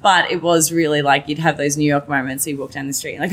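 A woman with a fairly low voice telling a long personal story in a relaxed chat. She fills her speech with "like" and swears casually. She acts out the lines of everyone in the story in lively voices. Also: fast. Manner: animated, quotes herself and others in lively voices. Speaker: guest.

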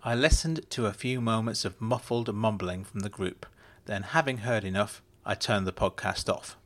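A man's voice: fairly low pitch, moderate pace, fairly bright tone. A man giving wry, dry, conversational first-person audiobook narration.

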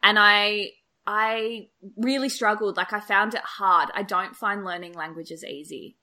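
A woman's voice: medium pitch, fairly even intonation, measured pace, pushed and bright. A woman with a polished Sydney Eastern Suburbs Australian accent, co-hosting a podcast in casual, giggly chat. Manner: giggly, chatty, self-described refined speech. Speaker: podcast co-host.

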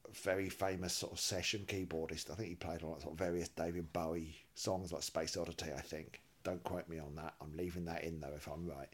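A man co-hosting a relaxed podcast, trading teasing remarks and reading a back-cover blurb aloud. His voice sits fairly low for a man, and his delivery is easygoing and good-humoured. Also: brisk, hardly any pauses. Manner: easygoing, teasing, laughs often. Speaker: podcast co-host.

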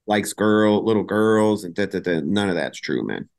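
Laid-back low-voiced man chatting. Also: lively intonation, moderate pace, darkish tone. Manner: laid-back, rambling storyteller. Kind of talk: casual chat.

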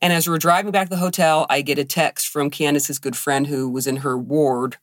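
A woman's voice: deep voice, fairly quick, no room sound, clean studio sound. A woman co-hosting a casual podcast, telling a personal story and acting out the quoted voices. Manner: animated, acts out quoted dialogue. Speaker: podcast co-host.

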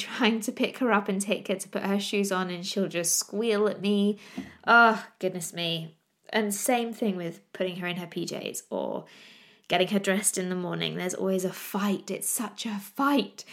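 A woman, hosting a podcast and chatting in a laughing, exasperated storytelling way. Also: mid-range voice. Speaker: podcast host. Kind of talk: casual chat.

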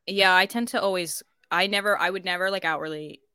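Bright-voiced American woman, dry close sound. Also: on the low side, fairly even intonation, fairly quick, clear, resonant tone, no room sound. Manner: laughs often, quotes others in dialogue. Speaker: podcast co-host. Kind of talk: casual podcast chat.

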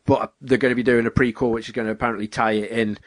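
A man's voice: medium pitch, racing, no echo. Young guy ranting about a game, jumps into silly voices, dry close sound. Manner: animated, acts out characters in raised voices. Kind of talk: casual chat about video games.

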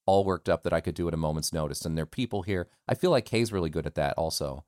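A man's voice: low voice, quick pace, darkish tone, no echo, clean studio sound. A man from the United States, a voice actor talking candidly and self-deprecatingly as a guest in a casual interview.

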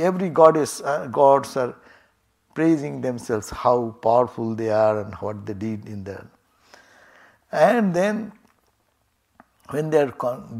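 A man with a fairly high, gravelly voice tells a sacred story as a sermon. He speaks as a swami in a temple, brings the characters to life in quoted dialogue and chuckles now and then. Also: darkish tone. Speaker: swami and minister.

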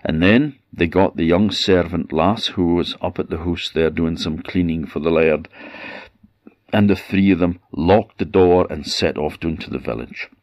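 A man with an Orkney Scottish accent telling a folk tale in a measured, conversational way. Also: low-pitched, darkish tone, no room sound, clean studio sound. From Orkney, Scotland. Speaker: storyteller.

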